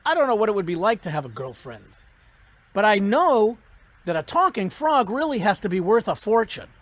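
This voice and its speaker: A speaker voicing a deadpan male graduate student who is an economist, in a joke told during a speech. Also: medium pitch, normal speed, no room sound. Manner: deadpan, practical.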